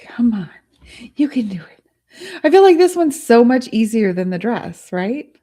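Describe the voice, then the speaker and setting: A woman's voice: on the high side, very animated, unhurried, dark tone. Giggly woman hosting a live tutorial. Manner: giggly, chatty, laughs often; thinks aloud while working on screen. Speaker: host of a live art studio stream. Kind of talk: casual live tutorial chat with viewers.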